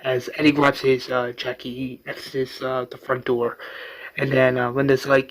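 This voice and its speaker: A man's voice: mid-range voice, flat delivery, moderate pace, crowd noise, rough recording. A man casually retelling a fan-made superhero story, rambling and using many fillers.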